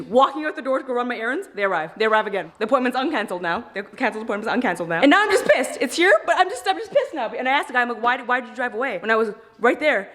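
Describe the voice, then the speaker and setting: A woman in her thirties vlogging casually to camera, ranting in an exasperated, animated way. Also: mid-range voice. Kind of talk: casual vlog talk to camera.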